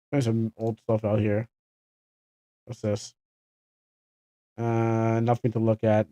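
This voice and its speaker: A man's voice: on the low side, completely flat delivery, slow pace, pauses often, dark tone, no room sound. Rambling Canadian man streaming games. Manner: rambling, self-correcting, chuckling asides. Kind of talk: casual livestream commentary.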